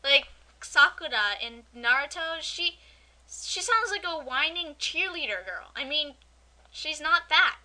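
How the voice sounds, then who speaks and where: On a casual amateur podcast, a young female co-host talks fast in a high, very bright, sharp voice. She's chatty and animated, quick to launch into rants.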